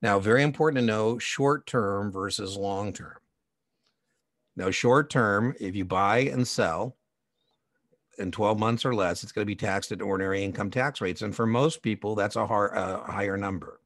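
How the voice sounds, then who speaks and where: A middle-aged man gives a relaxed exam prep lecture, drifting into anecdotes and side remarks as he goes. His voice sits on the lower side. The sound is dry and close, with no room around it. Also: normal speed, dry recording. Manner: chatty, digressive, with personal anecdotes and asides. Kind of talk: conversational recorded lecture.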